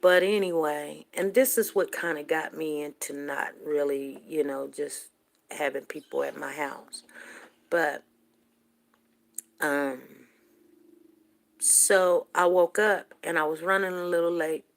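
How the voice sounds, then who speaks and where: Older woman, low and gravelly, rambling emotional storyteller. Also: steady tone, slow, long pauses. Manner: rambling, emotional retelling, rising to near shouting at tense moments. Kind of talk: casual personal storytelling.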